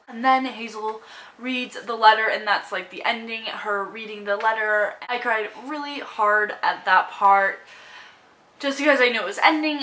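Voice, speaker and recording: A woman's voice: mid-range voice, sharp tone, rough recording. A young woman vlogging about a movie, emotional and close to tears, gushing with lots of fillers and restarts. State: tearful, on the verge of crying. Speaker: book vlogger. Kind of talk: casual movie review vlog.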